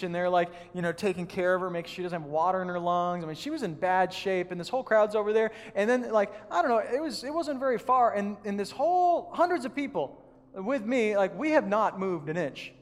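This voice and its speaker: High-voiced pastor preaching in a reverberant hall. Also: male voice. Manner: conversational storytelling, animated and self-deprecating. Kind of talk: sermon. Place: church hall.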